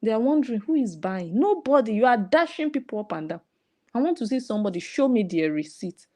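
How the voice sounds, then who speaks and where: A woman's voice: fairly high pitch, sing-song, brisk, dark tone. A woman with a Nigerian English accent, giving sarcastic, scolding commentary. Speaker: online commentator. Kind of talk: ranting commentary.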